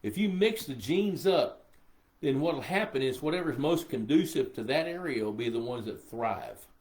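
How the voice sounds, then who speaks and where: A man's voice: medium pitch, expressive, moderate pace, darkish tone. Drowsy, rambling older man. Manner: rambling, reads viewer questions aloud, easily sidetracked. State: sleepy. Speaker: pond management expert hosting a live Q&A. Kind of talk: casual live-stream Q&A.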